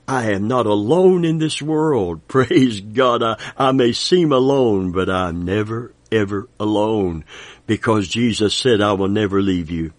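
A man's voice: mid-range voice, no echo. A man in his seventies preaching a sermon with an emphatic, repetitive cadence, quoting scripture and praising God. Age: 70s.

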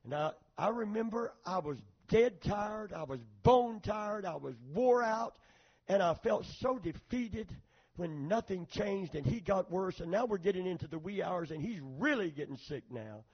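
A middle-aged male preacher with a high, husky voice delivers a sermon, dropping to a near-whisper for his story and then rising into fervent shouting. The recording sounds muffled and lo-fi. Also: animated, moderate pace. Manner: swings from shouting fervor to hushed storytelling.

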